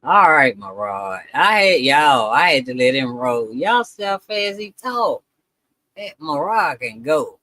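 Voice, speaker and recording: A man's voice: medium pitch, sing-song, slow pace, bright, forceful tone, no room sound. A man chatting casually to his viewers during a live reaction stream, talking to them as "y'all".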